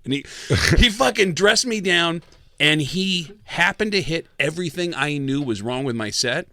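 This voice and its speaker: A man's voice: medium pitch, a little fast, no room sound, clean studio sound. A man, a guest comedian, telling stories in a casual podcast chat and acting out the people in them. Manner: animated storyteller, acts out quotes.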